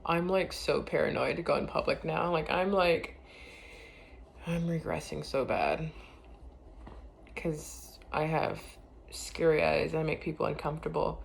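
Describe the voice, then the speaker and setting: Gravelly-voiced woman rambling softly. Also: sits low, unhurried, long pauses, a little hiss or hum. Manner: rambling and hesitant, full of "like" and "um" fillers. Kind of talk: casual confessional vlog.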